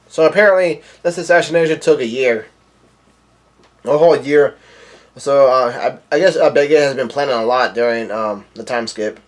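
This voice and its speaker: A man's voice: mid-range voice, normal speed. A man reading a comic chapter aloud with casual commentary, reading the dialogue in a plain, offhand voice. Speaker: manga chapter reader.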